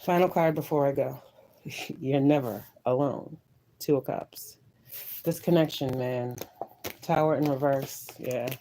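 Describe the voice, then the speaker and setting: Woman tarot reader on a live stream: mellow, warm tone, emotional and preachy, drops to soft near-whispers. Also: very deep voice, a little slow, long pauses, slight background noise, poor audio. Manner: emotional, preachy, repetitive affirmations, swears.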